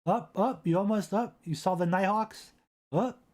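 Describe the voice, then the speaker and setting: A man hosting a casual live stream, rambling, repeating himself and reading chat aloud into a boom-arm desk mic. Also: moderate pace, a little mellow.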